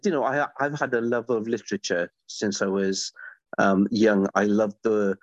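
A man's voice: fairly low pitch, steady tone, normal speed, no room sound, lo-fi sound. A middle-aged man, a guest author in a podcast interview, telling stories eagerly with lots of restarts. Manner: enthusiastic, rambling storyteller with many restarts.

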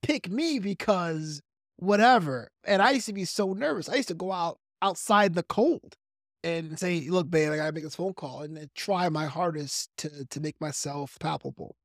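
A man from New York with a softened Brooklyn accent, a comedian guest on a podcast, talking fast in an animated, practiced radio-style way. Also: fairly high pitch, no room sound, clean studio sound. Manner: self-described fast talker. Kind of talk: podcast interview.

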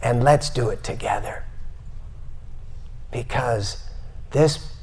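Slow, deliberate male lecturer. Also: mid-range voice, a little mellow, slightly rough. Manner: slow and deliberate, asks the audience many rhetorical questions. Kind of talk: spiritual lecture to a live audience.

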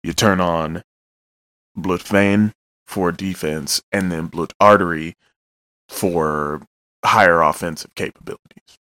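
A man with a low voice talks through manga chapters in a loose, joking way, with offhand asides and some swearing. His voice sits dry and close, with no room sound around it. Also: fairly even intonation, slow, pauses often, sharp tone, no room sound. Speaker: manga reader and recapper. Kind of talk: casual chapter recap.

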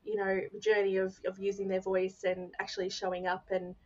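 Relaxed female podcast host, agreeable and chatty; slightly muffled recording. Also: mid-range voice, a little fast. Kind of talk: casual podcast chat.

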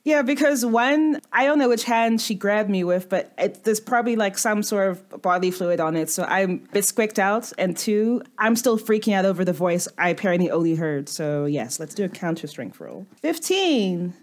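A woman's voice: mid-range voice, lively intonation, moderate pace, hardly any pauses. A woman playing a tabletop game, talking in a chatty, self-correcting way. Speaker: player. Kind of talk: casual tabletop game chat.

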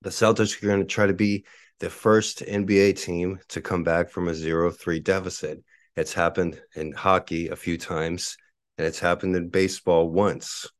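A man's voice: deep voice, level tone, normal speed, no room sound, studio quality. A man hosting a solo sports podcast from his apartment, rambling with lots of fillers. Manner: angry ranting at a neighbor outside. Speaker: podcast host. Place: apartment at home.

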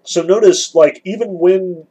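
A man with a high, warm, husky voice speaks steadily and a little slowly in a roughly recorded lecture. He walks through a literary scene step by step, repeatedly weighing one side against the other.

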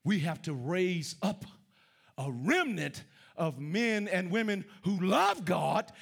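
A man preaching a sermon, swinging from loud declarations to hushed asides and repeating his phrases. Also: high-pitched, animated, unhurried, gravelly. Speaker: pastor.

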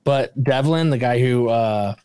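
A man's voice: medium pitch, a little slow, smooth, no echo, studio quality. A man co-hosting a movie podcast, chatting casually and ranting with frequent swearing. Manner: animated, swears a lot, rants with raised voice. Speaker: podcast co-host. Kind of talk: casual movie review chat.

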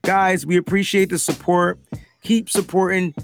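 A man's voice: high voice, fairly even intonation, normal speed, creaky, a little hiss or hum. A man co-hosting a casual sports fan podcast, talking in loose slang and laughing often. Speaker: podcast co-host.

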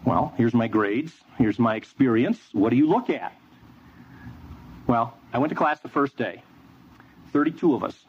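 A man's voice: mid-range voice, lively intonation, normal speed, long pauses. A man preaching a sermon, telling a story with energy and quizzing the audience. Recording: dull lo-fi with faint noise.

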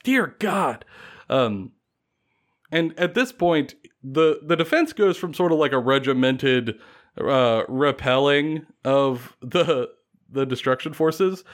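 A man casually retelling a fantasy battle story on a podcast, animated and laughing often. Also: a little high.

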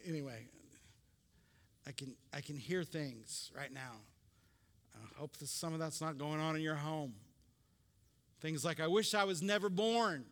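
A male pastor with a high, forceful, bright voice delivers a conversational sermon. He teaches with offhand jokes and asks the congregation to repeat lines back. His voice rings with the long reverb of a church hall. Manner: conversational preaching with asides and call-and-response.

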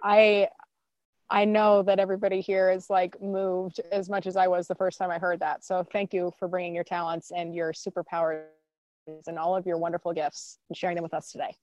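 A woman's voice: on the low side, little pitch movement, fairly quick, darkish tone, highs cut off. A woman hosting a casual online talk, effusive and encouraging with guests. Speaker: host.

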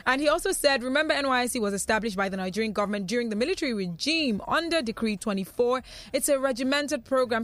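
A woman's voice: a little high, fairly bright tone. Chatty woman radio host reading comments. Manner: chatty, laughs easily. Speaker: radio talk show host. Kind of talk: reading listener comments on air. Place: radio studio.

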